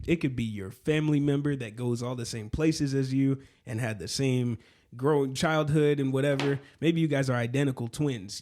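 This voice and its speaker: A young man co-hosts a casual podcast with a middle-pitched voice. He is playful and silly, quick to joke, and muses loosely about personal answers. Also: darkish tone. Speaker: podcast co-host.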